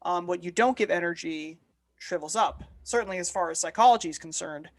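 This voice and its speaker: A man's voice: high voice, a little fast. Teasing man co-hosting a podcast. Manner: joking, teasing, then earnestly explaining. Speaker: podcast co-host. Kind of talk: casual podcast chat.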